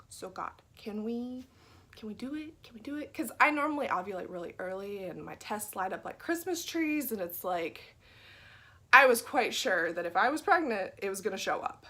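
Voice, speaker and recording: A woman with a fairly high, husky voice recounts a personal faith experience. She talks earnestly and conversationally, often sinking into a gentle whisper when things turn tender. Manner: earnest, drops to a soft whisper at tender moments. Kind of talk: personal testimony.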